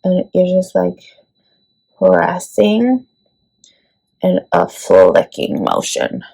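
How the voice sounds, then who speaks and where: A woman's voice: lowish voice, wildly swooping pitch, very slow, dark tone, low-quality recording. A woman beauty vlogger talking casually through a makeup tutorial, chatty and full of "like" and "let me tell you". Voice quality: creaky.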